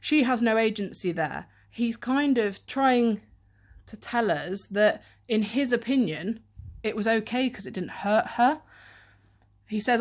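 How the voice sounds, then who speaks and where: A woman's voice: medium pitch, moderate pace. A woman teacher giving a revision lesson on a poem, reading quotes aloud and explaining them in close analytical detail, recorded on a handheld camera.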